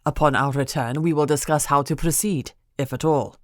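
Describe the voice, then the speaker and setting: A woman's voice: sits low, steady tone, normal speed, no echo, lightly acted. A woman voicing a good-humored young Scottish man with a dry, bantering manner and a Scottish accent.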